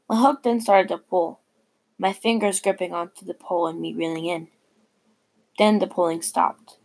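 A woman reading a personal story aloud in a plain, unhurried way with small stumbles. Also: lowish voice, fairly even intonation, darkish tone.

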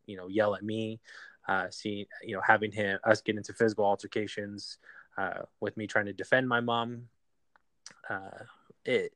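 A man telling a painful personal story in an interview, halting with many fillers and restarts. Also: lowish voice, a bit bright, no echo. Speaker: guest.

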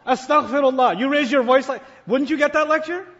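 A man with a very high voice gives an animated sermon, telling a story and putting questions to his listeners. His voice rings through a hall with long reverb. The recording sounds dull and muffled. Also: brisk. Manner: animated storyteller, asks audience questions and answers them. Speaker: Islamic speaker. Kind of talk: sermon-style talk.

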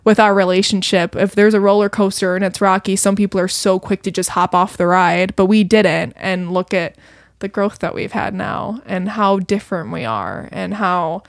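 A woman's voice: medium pitch, moderate pace, vocal fry, dry recording, clean studio sound. A young woman talking as a podcast guest, earnest and emotional, rambling with many fillers. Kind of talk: casual chat.

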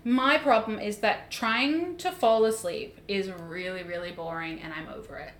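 A woman hosting an improvised comedy podcast, dry and deadpan, her lines trailing off quietly. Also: mid-range voice, moderate pace. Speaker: host.

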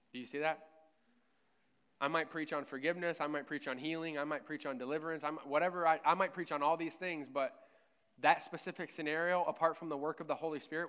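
A male pastor delivers a sermon in a relaxed, conversational tone, often pausing to ask his listeners "right?". His voice sits a little high for a man and comes through smooth and clear. He preaches from a church. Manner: conversational, frequent "right?" check-ins.

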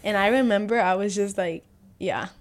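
Young adult woman, podcast guest, animated storyteller, average pitch. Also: normal speed. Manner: animated storyteller, acts out quoted dialogue. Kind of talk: casual chat.

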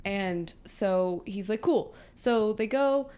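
A woman's voice: mid-range voice, slow, a little mellow, smooth. A woman co-hosting a podcast, chatting casually and animatedly, laughing, swearing and acting out scenes in quoted voices. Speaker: podcast co-host. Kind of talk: casual chat recapping a movie.

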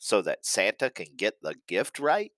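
Bitter scheming elf, snarling and mocking, read by a man, deep voice, dry sound. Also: huge pitch swings, unhurried, a bit bright, no room sound, exaggerated voice.

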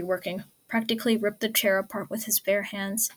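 A woman narrates a story in a hushed, whispery voice that stays soft and close. Her pitch barely moves, which keeps the delivery flat and even. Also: normal speed. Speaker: fan fiction reader.

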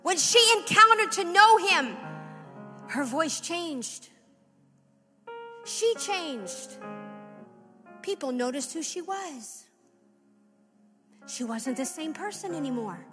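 A woman preaching a sermon in a church, building from quiet reflection to fervent exhortation. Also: extremely high pitch, expressive, slow, long pauses, in a large hall, music in the background. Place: church hall.

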